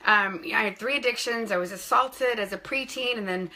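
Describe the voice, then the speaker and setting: A middle-aged woman telling her personal story on a live stream, her voice bright and crisp. She sits a little high in pitch for a woman. She keeps breaking off to greet viewers by name in an effusive way. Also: normal speed. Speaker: speaking coach.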